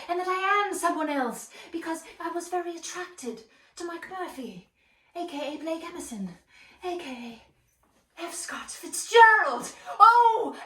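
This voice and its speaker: A woman's voice: extremely high pitch, bright, forceful tone, echoey room, recorded from a distance. A woman playing a gushing friend unleashing her wild side. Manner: breathless and gushing, repeating herself. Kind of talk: comedic video-call sketch.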